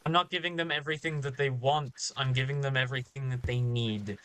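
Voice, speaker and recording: A man speaks in a bright, forceful tone. He is in character in a group roleplay election, insisting on his platform. His delivery is defensive. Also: mid-range voice, steady tone, a little fast.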